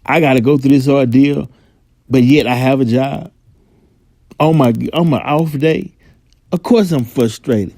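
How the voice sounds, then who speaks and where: A man's voice: medium pitch, measured pace, long pauses, dark tone, dry recording. A man hosting a podcast, talking, delivering a heated, profane commentary and acting out quoted exchanges. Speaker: podcast host. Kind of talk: angry commentary monologue.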